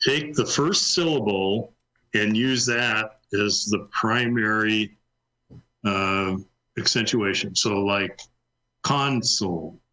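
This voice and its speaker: A man's voice: lowish voice, slow pace, bright, forceful tone, poor audio. A man co-hosting a casual live stream, posing riddles and patiently explaining the answers. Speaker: co-host. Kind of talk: casual trivia quiz chat.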